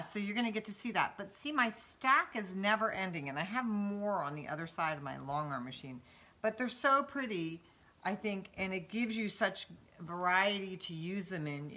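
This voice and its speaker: A middle-aged woman hosts a live-stream chat about her fabric from her home sewing room. Her voice is bright and clear, and she talks eagerly and directly to the people watching. She is recorded on a camera in the room as she speaks. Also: medium pitch. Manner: chatty and enthusiastic, addressing viewers directly. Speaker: quilter and channel host.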